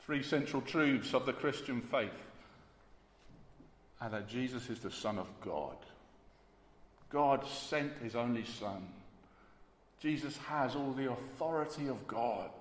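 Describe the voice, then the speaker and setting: A man's voice: mid-range voice, takes it slowly, long pauses. A man preaching a sermon emphatically, repeating key words for weight. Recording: echoey hall with faint ambience.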